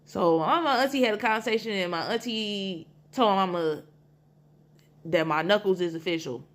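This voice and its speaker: A woman telling a personal story in a casual storytime, animated and blunt, swearing freely. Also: medium pitch, moderate pace.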